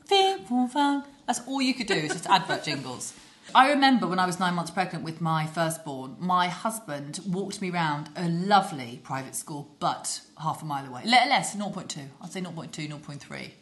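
A woman's voice: sits low, expressive, normal speed, fairly bright tone. A woman in her forties co-hosting a podcast, teasing and theatrical in casual chat. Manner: teasing, theatrical, sing-song asides. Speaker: podcast co-host.

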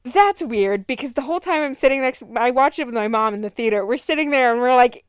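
A woman chatting casually as a podcast co-host, rambling and animated, with lots of fillers and laughter. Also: fairly high pitch, brisk, few pauses, smooth, no room sound, studio quality.

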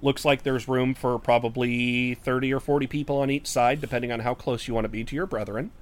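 A man as game master, narrating a tabletop game in an unhurried, halting way with many fillers. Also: medium pitch, fairly even intonation.

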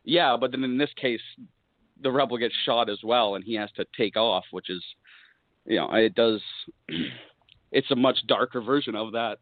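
A man chatting as a guest, speaking thoughtfully and hesitantly, often clearing his throat. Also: mid-range voice, normal speed, dry recording. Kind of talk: casual chat over a call. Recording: tinny call audio, dry.

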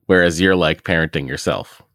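A man's voice: deep voice, fairly quick, fairly bright tone, dry recording, studio quality. A man co-hosting a casual podcast, teasing and joking, laughing at his own jokes. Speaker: podcast co-host. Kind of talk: casual chat.

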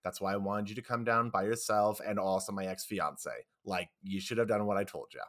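A man's voice: lowish voice, steady tone, a little fast, a bit bright, lightly acted. A man voicing a smug male scientist making excuses, in a sarcastic, mock-innocent way.

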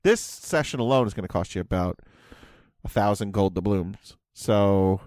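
A man's voice: on the low side, moderate pace, darkish tone, no echo. A man co-hosting a comedy podcast, doing an improvised bit, rambling and cutting himself off. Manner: rambling, self-interrupting, laughing. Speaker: podcast co-host.

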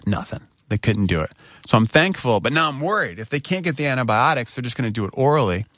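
A middle-aged man casually telling a self-mocking story, acting out other people's lines with big jumps in pitch. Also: big pitch swings, quick pace, fairly bright tone, dry recording, clean studio sound.

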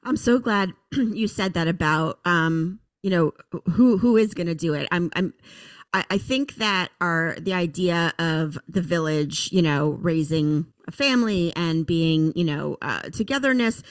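A woman hosting a podcast interview, talking casually and haltingly, searching for her words with many fillers. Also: fairly low pitch, no room sound. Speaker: podcast host.

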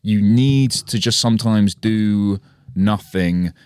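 Young British man, podcast co-host, low voice, sweary rant, dry close mic. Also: slow pace, darkish tone, clear, resonant tone, dry recording. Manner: ranting, sweary, full of restarts. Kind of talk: casual chat.

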